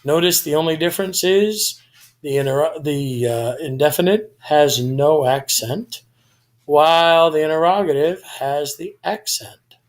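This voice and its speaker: A man walking through a grammar lesson in a methodical, explanatory way. His voice sits a little higher than most men's. He pauses to correct himself and then carries on. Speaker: Greek tutor.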